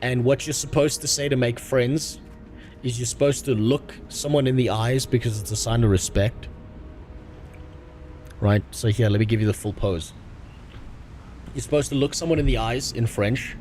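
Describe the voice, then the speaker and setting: Rambling streamer man, crude deadpan jokes. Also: mid-range voice, moderate pace, pauses often, soft background music. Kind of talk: casual chat while gaming.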